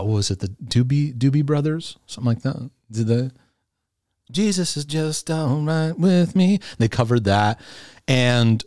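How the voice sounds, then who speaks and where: Speaking casually and thoughtfully into a camera in front of him, a middle-aged man who is a host and former youth pastor has a lowish voice. The clean studio sound carries no echo, and he frequently repeats himself, restarts phrases, and chuckles.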